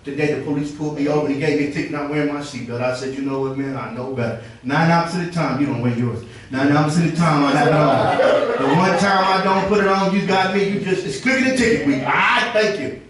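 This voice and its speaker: High-voiced preacher in an echoey church. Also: male voice, fast talker. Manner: animated storytelling with call and response. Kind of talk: sermon. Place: church sanctuary. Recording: distant echoey church recording.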